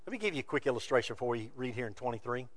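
A man preaching a sermon from scripture, building to loud emphatic peaks and dropping to quiet asides. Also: medium pitch, expressive, racing, dry recording. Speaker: pastor.

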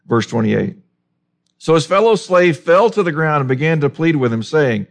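A man's voice: on the high side, animated, normal speed, vocal fry. A man preaching a sermon as a pastor, emphatic and full of rhetorical questions.

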